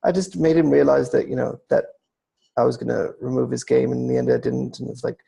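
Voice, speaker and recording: A man's voice: mid-range voice, fairly even intonation, a little fast, creaky, warm tone, breathy edge. A middle-aged man hosting a casual discussion, telling a rambling family story and reading out listener comments. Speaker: host.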